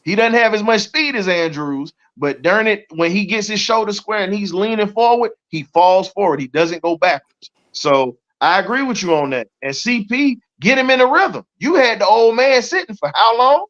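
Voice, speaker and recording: A man's voice: high-pitched, lively intonation, normal speed, few pauses, fairly bright tone. A man with a Southern US accent hosting a heated sports talk show, fired up and colorful in his trash talk. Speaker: show host. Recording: dull lo-fi audio.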